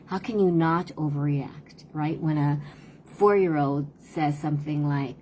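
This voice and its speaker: A woman in her fifties giving earnest, conversational parenting advice on a live stream, often pausing to hesitate. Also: deep voice, a little mellow, a little hiss or hum. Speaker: parenting talk host and tutor.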